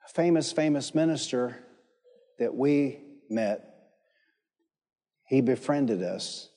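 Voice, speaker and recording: A male preacher delivering a sermon, emphatic and repetitive, often turning to the congregation with questions. His voice is dark and mellow. A long hall reverb trails behind him. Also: medium pitch, animated, slow. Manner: emphatic, repeats phrases, calls congregation to respond.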